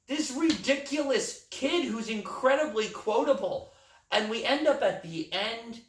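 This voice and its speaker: Excited man gushing about a film. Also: sits high. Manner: enthusiastic, rambling film gushing. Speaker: podcast co-host. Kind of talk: casual movie chat. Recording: echoey room, distant mic.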